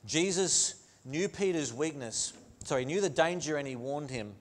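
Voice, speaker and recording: Male pastor, earnest sermon delivery, somewhat high voice, repeats key lines for emphasis. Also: expressive, moderate pace. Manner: earnest preaching with repeated phrases and rhetorical questions. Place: church sanctuary.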